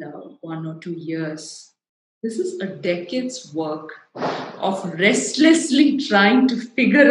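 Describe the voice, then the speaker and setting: Earnest South Indian woman in an echoey hall. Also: medium pitch. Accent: South Indian English. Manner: earnest, emphatic, explanatory. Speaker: speaker giving a talk. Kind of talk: public talk.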